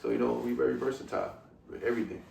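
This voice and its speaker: A man's voice: medium pitch, fairly even intonation, very fast, gravelly, darkish tone. A man with a Brooklyn accent, a guest DJ talking in a hyped, boastful way with lots of slang. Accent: Brooklyn New York. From Brooklyn, New York. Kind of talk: casual podcast chat. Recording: roomy, distant mic with faint noise.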